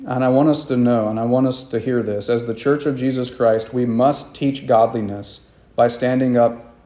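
A man's voice: mid-range voice, steady tone, moderate pace, mellow. Emphatic man preaching in an echoey room. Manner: earnest, emphatic preaching with repeated phrases. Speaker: pastor. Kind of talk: sermon.

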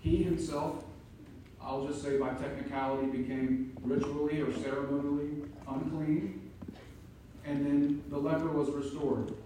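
A man preaching an emphatic sermon as pastor, building to loud peaks. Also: a little high, little pitch movement, measured pace, background noise. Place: church sanctuary. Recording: echoey room from far off.

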